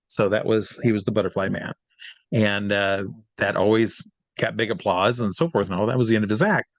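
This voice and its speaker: Lively male storyteller from Iowa. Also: brisk, no echo. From Iowa, USA. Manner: lively storyteller, voice climbs high when reenacting scenes. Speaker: interview guest, hypnotist and magician. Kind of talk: storytelling anecdote in an interview.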